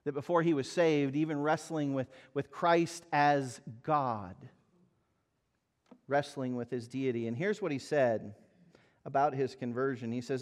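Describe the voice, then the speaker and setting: A man's voice: mid-range voice, fairly even intonation, a little slow. A man preaching a sermon in an earnest, emphatic way, asking the listeners pointed rhetorical questions. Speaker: pastor.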